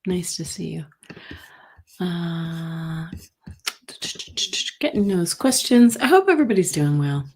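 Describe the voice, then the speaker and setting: A woman's voice: on the low side, animated, takes it slowly, pauses often, darkish tone, husky. A woman hosting a psychic livestream from home, chatting casually and greeting viewers by name. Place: home in Colorado.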